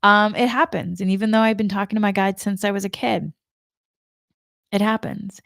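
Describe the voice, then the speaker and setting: A woman's voice: mid-range voice, fairly even intonation, normal speed, creaky, no room sound, clean studio sound. A woman giving a spiritual energy talk in a chatty way, telling a personal story and laughing often. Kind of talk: casual spoken monologue.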